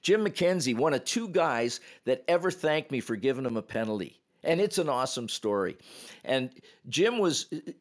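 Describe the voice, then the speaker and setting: Man, former referee, storytelling on a podcast, animated, acts out the quotes, mid pitch. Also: normal speed.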